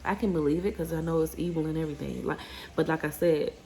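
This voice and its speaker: Gravelly low-voiced woman chatting. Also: steady tone, quick pace, dark tone, a little hiss or hum. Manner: rambling, restarting, fired up when ranting. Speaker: vlogger. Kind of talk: casual vlog chat. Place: outdoors then home.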